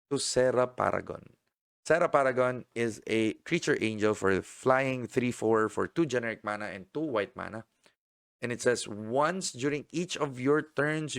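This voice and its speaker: A man's voice: mid-range voice, gravelly, dry recording, clean studio sound. A man with a Filipino accent reviewing trading cards in a casual stream, chatty, with playful asides and many fillers. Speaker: card game streamer. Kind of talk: casual card set review.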